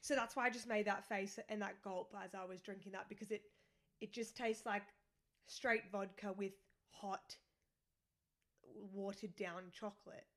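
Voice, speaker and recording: A woman's voice: mid-range voice, fairly even intonation, normal speed, fairly bright tone. A young woman co-hosting a podcast from her couch, rambling and giggly, often losing her thread. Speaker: podcast co-host. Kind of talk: casual chat. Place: living room of a new house, on a couch. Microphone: studio mic with pop filter.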